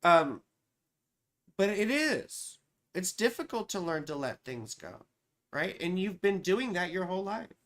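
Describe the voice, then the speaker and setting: A woman's voice: on the low side, big pitch swings, measured pace, a bit bright. Profane joking woman astrologer. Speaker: astrologer hosting a livestream. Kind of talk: casual live chat reading viewer comments.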